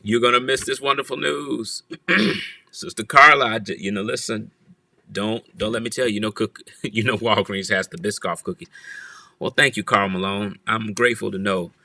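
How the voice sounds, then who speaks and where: A man's voice: fairly low pitch, steady tone, moderate pace, gravelly, sharp tone, dry recording. A man hosting a church livestream, greeting viewers one by one and playfully teasing them from his office. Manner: playful, teasing, repeats phrases.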